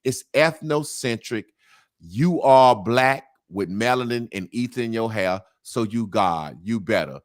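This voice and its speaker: Animated man with a lively voice. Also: mid-range voice, a little slow. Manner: animated and emphatic, with slang and repetition. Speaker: interview guest. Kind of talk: casual conversational interview.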